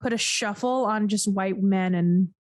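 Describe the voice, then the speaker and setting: A woman's voice: medium pitch, measured pace, dry recording, clean studio sound. A woman co-hosting a casual podcast chat, blunt and incredulous, swearing freely as she reacts. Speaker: podcast co-host.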